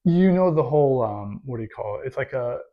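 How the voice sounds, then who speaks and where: A man's voice: medium pitch, expressive, brisk, lo-fi sound. A man co-hosting a podcast in casual chat, rambling and self-deprecating with lots of fillers. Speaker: podcast co-host.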